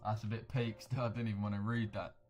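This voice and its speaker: This young man's voice is lowish and darkish in tone, with little pitch movement, and he talks fast over faint music. He hosts a casual livestream, answering viewer comments with blunt slang.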